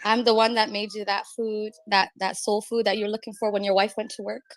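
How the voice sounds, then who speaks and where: Fast-talking taunting woman, mock-sweet. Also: mid-range voice, flat delivery. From Djibouti. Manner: taunting, mock-sweet, calls him baby. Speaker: caller in an audio chat room. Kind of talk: roasting exchange in an online audio room.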